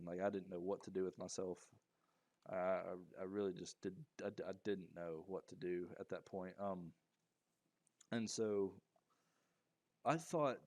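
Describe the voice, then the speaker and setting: A young man with a fairly low voice tells a storytime tale in a loose, rambling way, stumbling over restarts and fillers. The sound is dry and close, with no room around it. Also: a little mellow, no echo. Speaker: storyteller vlogger. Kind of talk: casual storytime monologue.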